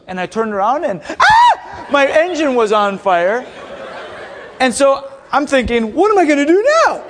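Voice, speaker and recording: A young man preaching through a funny, animated story, acting out quoted voices with bursts of shouting and laughter. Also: high voice. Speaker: speaker at a school chapel. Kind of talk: storytelling sermon.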